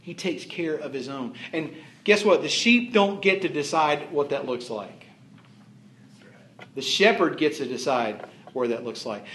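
A man's voice: a little high, measured pace, a bit bright, reverberant. A man pastor preaching a sermon with emphatic, repetitive phrasing that rises and falls in force.

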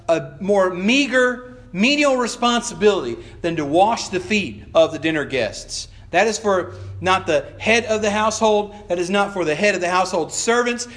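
High-voiced man preaching a sermon. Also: fairly bright tone. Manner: conversational preaching with repeated restarts; acts out quoted lines in voices. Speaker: pastor.

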